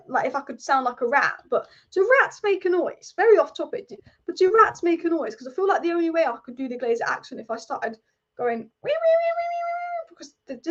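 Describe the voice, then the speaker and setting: Young woman, football stream host, blunt and chatty; slightly high voice, dull lo-fi sound. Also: a bit bright. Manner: chatty, blunt opinions, reads out viewer comments. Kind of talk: live-stream football chat.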